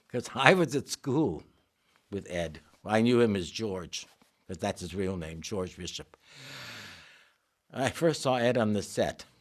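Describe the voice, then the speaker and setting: An older actor spinning anecdotes in an interview. His pitch swings widely as he acts out the voices in his stories.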